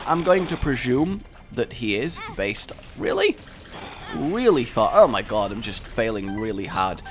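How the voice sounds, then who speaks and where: A man giving casual, rambling commentary over a game he is playing, with self-mocking jokes and asides. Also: medium pitch. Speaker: gaming commentator.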